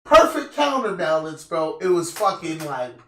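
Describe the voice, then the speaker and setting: A young man with a high, lively voice tells stories in a casual chat, swearing often and mimicking the people he meets. He sounds set back from the microphone, with a roomy echo around him. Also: normal speed. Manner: animated, profane, acts out quoted people. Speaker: podcast host. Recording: roomy echo, distant mic.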